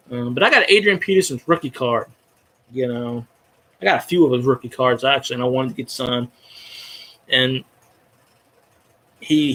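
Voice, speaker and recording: A man in his thirties from Louisiana, a fan podcast host ranting in casual chat, profane and excitable. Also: medium pitch. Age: 30s.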